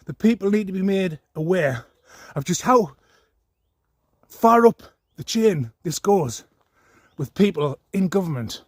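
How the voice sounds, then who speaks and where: Man, ranting, swearing, mocking, high-ish voice, dry close sound. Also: lively intonation, a little slow, dry recording. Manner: ranting, profane, mocking, laughs often. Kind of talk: angry monologue to camera.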